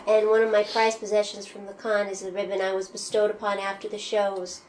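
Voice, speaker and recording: A woman's voice: mid-range voice, flat delivery, quick pace, noisy background. A woman on a podcast, giving earnest thanks about the convention. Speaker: podcast co-host. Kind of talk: casual convention recap chat.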